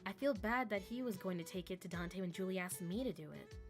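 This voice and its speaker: A woman's voice: medium pitch, a little fast, soft background music. A woman game streamer who jokes, laughs often and reads the story text aloud.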